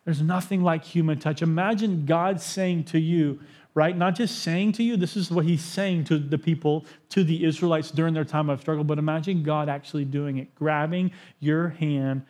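This is a man in his thirties delivering a sermon in a church sanctuary. His voice is a little high yet darkish, held at a steady tone and normal speed. As the pastor, he keeps things personal and conversational, tossing in jokes along the way.

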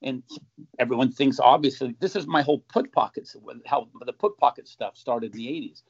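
A man, a magician guest in a casual interview, telling stories and acting out accusing voices with sudden loud jumps. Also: medium pitch, lively intonation, a little fast, vocal fry, slightly rough. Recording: dull, muffled sound.

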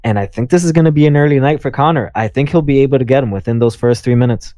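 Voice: medium pitch, rapid-fire, dark tone, no room sound, studio quality. A podcast panelist breaking down a fight in a casual sports chat.

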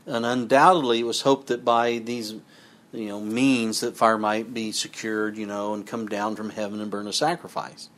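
A man's voice: fairly low pitch, flat delivery, moderate pace, fairly bright tone. Man preaching from scripture. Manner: reads passages aloud, then comments in conversational asides. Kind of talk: sermon with scripture reading.

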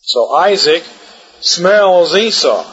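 A man's voice: high-pitched, very animated, slow pace, a bit bright, breathy edge. A man giving a Bible lecture, explaining emphatically and repeating his key points. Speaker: Bible teacher. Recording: dull sound, long hall reverb.

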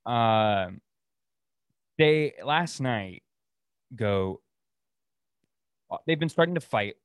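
Young male podcast host, loose and foul-mouthed, rambling rants, mid-pitched voice, dry close sound. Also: animated, extremely slow, smooth, no room sound. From Oregon. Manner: profane, rambling, laughs at his own stories. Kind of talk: casual solo rant.

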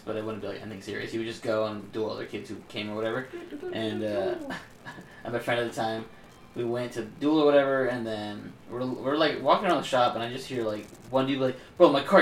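A man's voice: mid-range voice, reverberant, a little hiss or hum. A man hosting a casual podcast, rambling through a story and laughing often. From Arizona, US. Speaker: podcast host.

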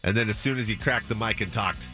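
A man's voice: on the low side, fast talker, music in the background. A man hosting a sports radio show, chatting casually and telling an upbeat story from a studio.

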